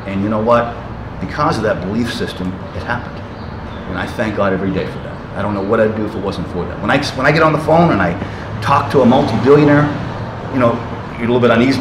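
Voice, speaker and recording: A man's voice: lowish voice, fast. A man in his sixties talking as an interview guest, reminiscing in an intense, emphatic, motivational way with punchy bursts. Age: 60s. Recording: roomy with loud traffic noise.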